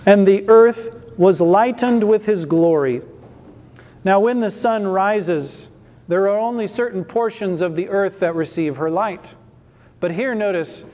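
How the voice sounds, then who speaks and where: A man's voice: sits high, darkish tone. A man preaching an expository sermon, who asks rhetorical questions and answers them himself with emphatic repetition. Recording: long hall reverb.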